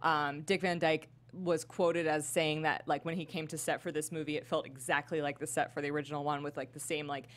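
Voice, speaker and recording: Chatty young woman, low-pitched voice. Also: brisk, hardly any pauses. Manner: animated storytelling, heavy use of "like". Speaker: podcast co-host. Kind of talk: casual chat.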